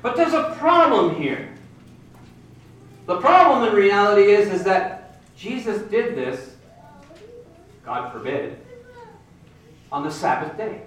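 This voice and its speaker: High-voiced preacher in an echoey hall. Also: male voice, fairly bright tone. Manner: storytelling, acting out the Bible characters' voices. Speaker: pastor. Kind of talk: sermon. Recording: very echoey hall, mic at a distance.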